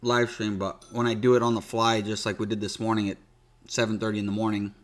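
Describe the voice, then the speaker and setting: A man's voice: fairly low pitch, little pitch movement, fast. A man casually hosting a live stock trading stream, chatty and loose. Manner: loose, chatty, restarts sentences. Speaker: livestream host. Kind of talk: casual livestream chat.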